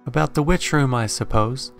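A man voicing a curt, irritable male novelist in a horror story reading, in a fairly low voice. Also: unhurried, soft background music, natural voice. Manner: curt and ungracious. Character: irritable male novelist who wants to be left alone.

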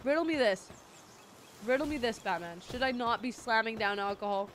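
A woman streamer chatting casually and profanely while gaming, with a sore throat, excitable and squealing over cute things. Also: a little high, brisk, a little hiss or hum.

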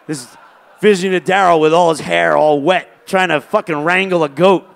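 A man's voice: fairly high pitch, fairly even intonation, normal speed, creaky. A man, a musician, telling a profanity-laced spoken-word story to an audience with chuckles.

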